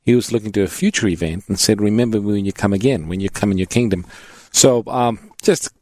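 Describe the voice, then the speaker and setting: Male pastor co-host, calm and teacherly, dry studio sound. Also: on the low side, fairly quick, dry recording. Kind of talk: call-in radio Bible answers.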